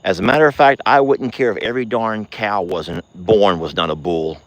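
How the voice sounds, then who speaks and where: A man hosting a casual ranch vlog outdoors at night, drawling to viewers and cooing in a high sing-song at his cows. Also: moderate pace. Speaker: ranch vlogger.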